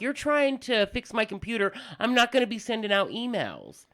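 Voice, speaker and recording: A woman's voice: a little high, huge pitch swings, moderate pace, fairly bright tone. A woman co-hosting a podcast, chatting casually with a blunt, sarcastic manner and lots of swearing. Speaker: podcast co-host.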